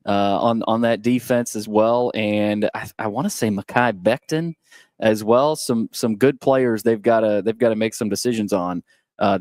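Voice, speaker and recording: A man's voice: lowish voice, darkish tone, no room sound. A man reading a sports news update on a talk radio show, conversational and with small restarts. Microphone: studio microphone.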